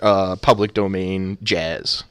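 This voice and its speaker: A man's voice: sits low, fairly even intonation, slow, smooth. A man casting an amateur esports match, talking casually and joking around with many fillers. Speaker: esports caster.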